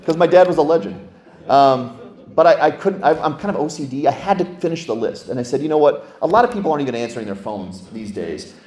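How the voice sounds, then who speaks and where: A man's voice: on the high side, fast, echoey room. A man preaching a sermon, telling stories and asking the congregation questions. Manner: storytelling, animated, asks the congregation questions. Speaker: pastor.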